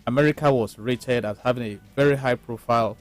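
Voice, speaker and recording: A man, a lawyer on a panel, explaining his views in a measured, lecturing way. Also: medium pitch. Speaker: lawyer guest. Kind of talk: panel discussion.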